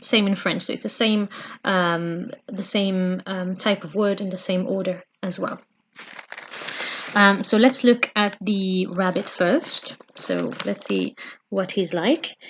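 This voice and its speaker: A patient woman teaches a relaxed home-study lesson at a steady middle pitch. She talks things through with gentle fillers and stops to repeat each phrase slowly. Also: a little hiss or hum. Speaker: French teacher. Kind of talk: home-learning language lesson.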